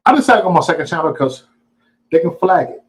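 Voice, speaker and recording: A man hosts a live stream and talks straight to his chat in a swaggering, mock-angry rant. His pitch swings up and down a lot, and he curses and teases constantly. He sounds boastful. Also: very animated, fast talker, low-quality recording. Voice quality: profane, taunting and boastful, mock-angry ranting. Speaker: livestream host.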